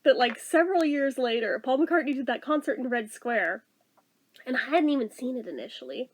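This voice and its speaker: Woman, thirties, high voice, casual vlogger who tells a rambling story with lots of swearing. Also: expressive, fairly quick. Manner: chatty, exasperated, swears and laughs often.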